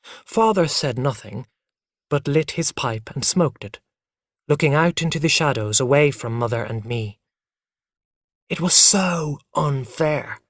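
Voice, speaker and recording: A man reading a graded story aloud, slow and clear for learners. His intonation rises and falls in a lively way. The sound is dry and close. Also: on the high side, no room sound. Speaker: story narrator. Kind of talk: graded reader story narration.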